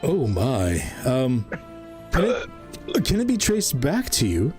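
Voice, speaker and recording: A man's voice: medium pitch, wildly swooping pitch, takes it slowly, darkish tone, soft background music. A man voicing a cheery, polite male wizard boss with a third eye in a tabletop game. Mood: genteel.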